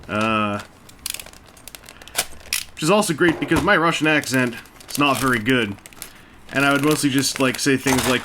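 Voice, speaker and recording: A man's voice: mid-range voice, animated, moderate pace, long pauses, background noise. A man casually chatting while he builds a brick set, rambling along with self-mocking jokes and asides. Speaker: toy-building video host. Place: indoors at a table.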